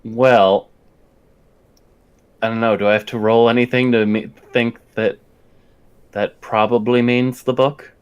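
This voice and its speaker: A man's voice: mid-range voice, flat delivery, measured pace, long pauses, clean tone, highs cut off. A man playing a tabletop role-playing game, chatting hesitantly and swearing casually. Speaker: player. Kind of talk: casual tabletop play chat.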